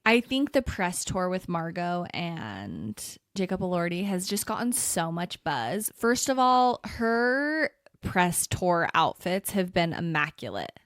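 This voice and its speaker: A woman in her thirties co-hosting a podcast, telling a story with animated quotes and lively voices for other people. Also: on the low side, slow, hardly any pauses, dry recording, studio quality. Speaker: podcast co-host. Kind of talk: casual chat.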